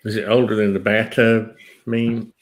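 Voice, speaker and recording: A man's voice: lowish voice, level tone, moderate pace. A man from Tennessee with a Southern accent, chatting casually on a livestream and telling stories with easy laughter. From Tennessee, USA. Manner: chatty storyteller, laughs easily.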